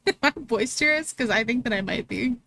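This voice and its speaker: A young woman with a high voice chats casually on a live stream. She laughs easily and answers her viewers' messages as they come in. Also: pushed and bright. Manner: chatty, laughs often, reads chat aloud.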